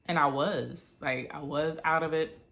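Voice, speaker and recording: A woman in her thirties telling a personal story in a chatty, animated vlog style. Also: low voice, a little slow, gravelly. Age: 30s. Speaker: vlogger.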